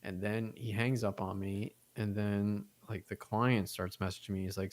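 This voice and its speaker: A man's voice: fairly low pitch, moderate pace, few pauses. A young adult man casually telling a long, profane story on a podcast, acting out the people he quotes. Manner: rambling, profane, animated retelling with quoted voices. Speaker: podcast co-host.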